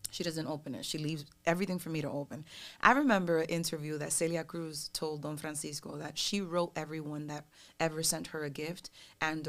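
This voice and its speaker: A woman musician, a guest on a podcast, chatting casually and telling animated stories in which she acts out other people's voices. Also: sits low. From New York. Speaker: recording artist guest.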